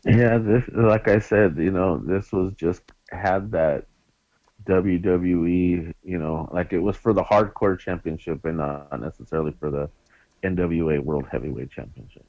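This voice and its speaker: A man's voice: sits low, a little slow, a little mellow, no echo. A man co-hosting a podcast, talking bluntly and emphatically with a lot of swearing. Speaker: podcast co-host. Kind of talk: casual wrestling review chat. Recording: dry, dull lo-fi mic.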